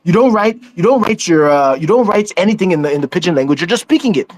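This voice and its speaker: Fiery, high-voiced man preaching scorn. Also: animated, quick pace, no echo. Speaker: speaker in an online discussion. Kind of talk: impassioned political speech.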